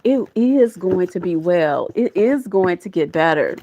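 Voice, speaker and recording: A woman's voice: on the low side, lively intonation, measured pace, warm tone, slight background noise. A middle-aged woman giving a live tarot reading to her viewers, emotional and folksy, often laughing and turning preachy. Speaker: tarot reader.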